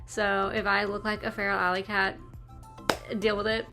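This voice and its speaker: A woman's voice: medium pitch, little pitch movement, normal speed, gravelly, over music. A young adult woman giving casual blind reaction commentary on her channel, tired after a day at work, chatty and laughing often. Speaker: YouTube reaction vlogger.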